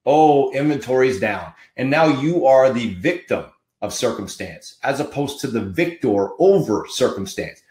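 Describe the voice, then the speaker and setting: A man's voice: mid-range voice, big pitch swings, normal speed, few pauses, darkish tone. Fired-up man preaching motivation, roomy echo. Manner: fired-up, emphatic, punchy repetition. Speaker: podcast host. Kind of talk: motivational monologue.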